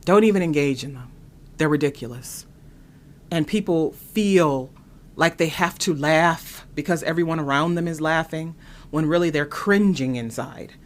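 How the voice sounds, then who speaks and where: A woman hosting her own show, giving opinionated commentary in an exasperated, animated way, full of rhetorical questions. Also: low-pitched, moderate pace. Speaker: host.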